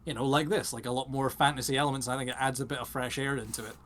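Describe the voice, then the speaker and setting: Fast-talking enthusiastic man chatting on a podcast. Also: medium pitch, fairly even intonation, a bit bright, a little hiss or hum. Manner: quick, rambling and enthusiastic, many fillers. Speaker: podcast co-host. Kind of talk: casual chat.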